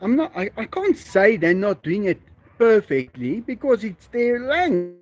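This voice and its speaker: Slow-talking South African man, chatty. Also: sits high, big pitch swings, a little mellow. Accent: South African Afrikaans. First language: Afrikaans. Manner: chatty, laughs often. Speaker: livestream host. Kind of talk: casual livestream chat reading viewer comments.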